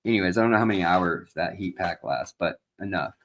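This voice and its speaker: A man's voice: low-pitched, fairly quick, fairly bright tone, slight background noise. A man hosting a casual aquarium livestream from an indoor studio, rambling and joking with lots of fillers. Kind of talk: casual live-stream chat.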